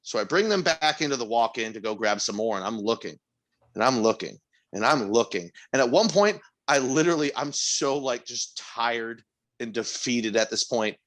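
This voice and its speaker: A man's voice: medium pitch, moderate pace. A man co-hosting a podcast, telling a frustrating work story in casual chat, exasperated and swearing, his voice jumping up in disbelief. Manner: animated, exasperated, swears freely, rising to near-shouts. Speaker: podcast co-host.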